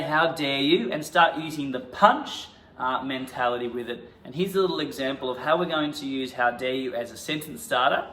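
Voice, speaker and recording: A man leads an acting class, switching between calm coaching and sudden loud, mock-outraged improvisation. His pitch sits in a middle range. The sound carries a noticeable room echo. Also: slight background noise. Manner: bursts into loud indignant outbursts during scenes. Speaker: acting teacher. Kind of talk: acting lesson with improvised scenes. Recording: echoey room.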